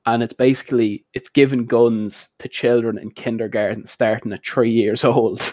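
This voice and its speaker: A young Irish man chatting casually, telling an animated story and laughing often. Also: mid-range voice, normal speed, no room sound. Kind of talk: casual chat. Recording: dull dry recording.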